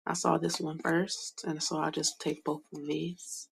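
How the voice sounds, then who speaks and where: A young woman giving a soft, hesitant spiritual card reading, full of fillers and whispered asides. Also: sits low, level tone, unhurried, vocal fry, slightly rough. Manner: whispers names to herself while reading cards. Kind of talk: slow meandering card reading monologue.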